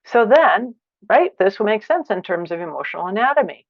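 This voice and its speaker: A woman giving a workshop lecture, expressive, acting out feelings with sighs and exclamations. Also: mid-range voice, fairly quick, gravelly, no room sound, dull audio. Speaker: teacher of a conflict practice.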